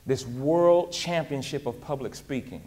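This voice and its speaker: A man giving a live motivational talk in an animated, folksy way, often dropping in casual asides to the crowd. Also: mid-range voice, unhurried, long reverb tail. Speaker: motivational speaker and singer.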